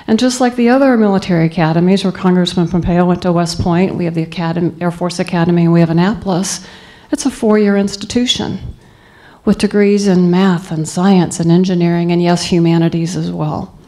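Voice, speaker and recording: A woman's voice: on the low side, steady tone, a little fast, warm tone. A woman in her fifties from Southeast Texas, giving a motivational speech to students and telling her story in an earnest, emphatic way. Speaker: guest speaker.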